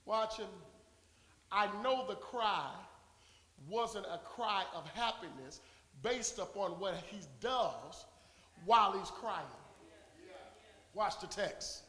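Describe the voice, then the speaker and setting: Shouting high-voiced preacher in a church hall. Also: male voice, animated, slow pace, pauses often. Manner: preaching with shouted climaxes and call-and-response. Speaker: pastor. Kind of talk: sermon. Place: church sanctuary. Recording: long reverb of a church hall.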